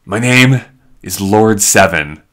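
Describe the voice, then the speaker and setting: A man voicing an eccentric male street stranger with grand claims, speaking slowly and solemnly. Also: on the low side, animated, fairly bright tone.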